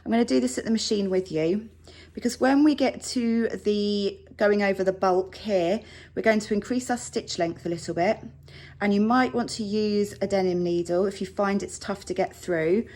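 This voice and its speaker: A woman's voice: mid-range voice, moderate pace, a little mellow. A woman teaching a sewing tutorial from her home sewing room, chatty and reassuring as she works. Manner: chatty, reassuring, self-deprecating asides. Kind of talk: relaxed tutorial talk while working.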